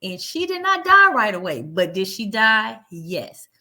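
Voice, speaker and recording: Woman, Bible study teacher, bright voice, lively pitch, conversational, reads and explains scripture. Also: measured pace. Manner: animated, conversational, laughs lightly, paraphrases verses in everyday speech.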